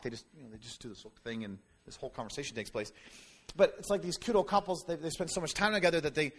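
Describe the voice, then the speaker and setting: Male pastor, lively sermon, joking asides, slightly high voice. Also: slightly rough. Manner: animated, conversational preaching with jokes and quick asides.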